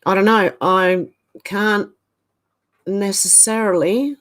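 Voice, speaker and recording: A woman's voice: medium pitch, steady tone, takes it slowly, a bit bright. A woman hosting a casual livestream, reading out viewer comments and thinking aloud with hesitant asides. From Australia.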